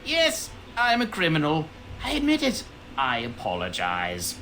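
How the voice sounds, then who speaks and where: An actress playing a smooth-talking female bandit leader in a video game. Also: low-pitched, huge pitch swings, unhurried, a bit bright, slight background noise, full character voice. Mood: pleading. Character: sly female bandit leader posing as toll collector.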